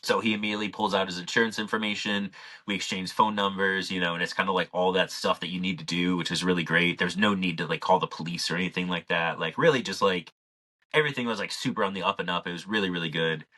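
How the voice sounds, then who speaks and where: A man's voice: low voice, steady tone, fast talker, pushed and bright. A man co-hosting a podcast, telling a story in a loose, rambling way, full of "like" and casual swearing. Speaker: podcast co-host.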